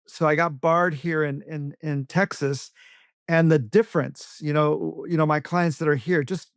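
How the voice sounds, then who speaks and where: Male co-host, smooth clear voice, slightly high, chatty anecdotes, dry sound. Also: no echo. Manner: chatty anecdotes with frequent restarts. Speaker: co-host, attorney. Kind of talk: casual interview talk, storytelling.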